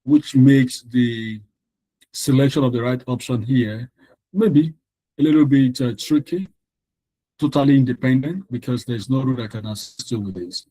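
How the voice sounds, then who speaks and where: A man leads an online exam-prep lesson, working through answers on a shared screen. His voice is mellow and dark, and it sounds dry and close on a computer mic. He explains patiently, repeating phrases and restarting sentences with plenty of ums. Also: medium pitch, normal speed, dry recording, low-quality recording. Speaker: exam tutor.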